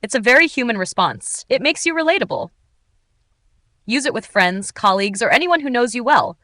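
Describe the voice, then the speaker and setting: A woman teaching English in an upbeat, clearly articulated, scripted narration. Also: a little high, lively intonation, a little fast, pushed and bright, no room sound.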